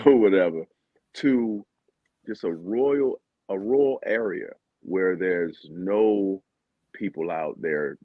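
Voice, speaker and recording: A man from Baltimore telling his story as a guest, animated and sometimes acting out what others said. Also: lowish voice, husky, no echo. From Baltimore, Maryland, USA. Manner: animated, acts out quotes of teammates. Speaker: guest, former Olympic sprinter. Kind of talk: candid conversational storytelling. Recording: dull lo-fi sound.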